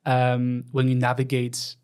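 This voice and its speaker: A man, hosting an English-language interview and thinking out loud as he asks questions. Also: medium pitch, completely flat delivery, measured pace, clear, resonant tone. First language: Polish. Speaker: interview host. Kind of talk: casual conversation.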